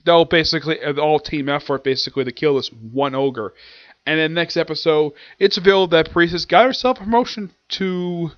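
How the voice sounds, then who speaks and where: A man's voice: on the high side, dry recording. Rambling man recapping episodes, dull lo-fi. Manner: rambling, with frequent restarts and quick acted quotes. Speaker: anime reviewer. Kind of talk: casual episode recap and review.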